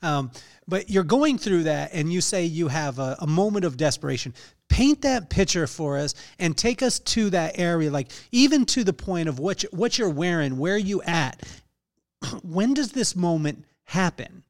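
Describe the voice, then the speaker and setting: A male podcast host puts a question to his guest in a casual, meandering way, with plenty of "you know" and "like" along the way. His voice sits a bit higher than the average man's. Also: lively intonation, normal speed. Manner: loose, rambling questions with many fillers. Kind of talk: casual interview.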